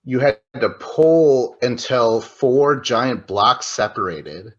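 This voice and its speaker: A man's voice: medium pitch, expressive, slow pace, fairly bright tone, lo-fi sound. A man co-hosting a podcast, recapping a reality show episode in a casual, profane, rambling way and acting out quotes. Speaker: podcast co-host.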